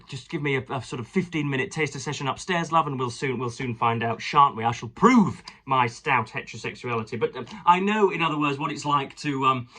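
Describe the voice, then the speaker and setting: A man's voice: fairly high pitch, sharp tone. A man reviewing a book, mixing casual, hesitant chat full of fillers with passages read aloud. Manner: hesitant, many fillers and restarts.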